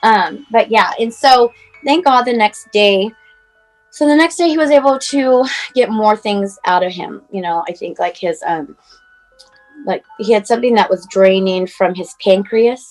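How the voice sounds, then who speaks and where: A woman's voice: medium pitch, faint music behind, poor audio. Emotional mother in her forties. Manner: emotional, halting, many fillers, near tears at times. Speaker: mother telling her son's story as guest. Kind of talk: personal storytelling, casual and unscripted. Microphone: video call.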